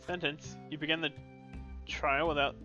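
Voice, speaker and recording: A man's voice: fairly high pitch, little pitch movement, moderate pace, bright, forceful tone, dull audio, faint music behind. A man reading game dialogue aloud for a stream, doing every character in his own voice.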